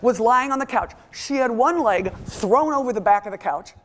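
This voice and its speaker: A middle-aged woman giving a motivational talk to a live audience, telling stories with lively acted-out voices. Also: fairly high pitch, normal speed, crowd noise. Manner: animated storytelling, acts out quoted voices. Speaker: motivational speaker.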